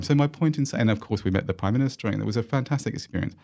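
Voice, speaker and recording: A middle-aged man with an Australian accent, telling lively stories and giving encouraging advice as an interview guest, with many restarts. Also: mid-range voice, fast talker. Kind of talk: casual storytelling interview.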